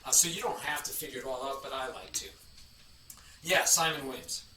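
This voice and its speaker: A man's voice: mid-range voice, animated, brisk, bright, forceful tone, a little hiss or hum. A man streaming chess, chatting casually and rambling as he greets chatters by name. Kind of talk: casual live-stream chat. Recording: echoey room, from a distance.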